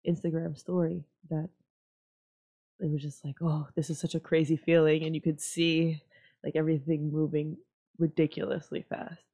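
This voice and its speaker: Animated woman chatting, swearing freely. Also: low-pitched, moderate pace. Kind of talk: casual chat.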